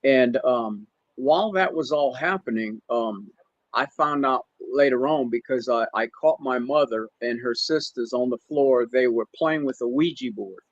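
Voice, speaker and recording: A man telling a personal story in a casual podcast chat, halting and emotional, with many restarts. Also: mid-range voice, dry recording, highs cut off. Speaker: guest. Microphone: remote stream call.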